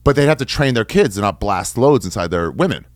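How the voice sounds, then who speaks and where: Low-voiced guy talking super fast, big swings in pitch, does voices for everyone, dry close mic. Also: no echo. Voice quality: swears freely, laughs into his own lines. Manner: rapid, animated storytelling with jumpy acted-out quotes. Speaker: comedian guest. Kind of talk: casual podcast chat.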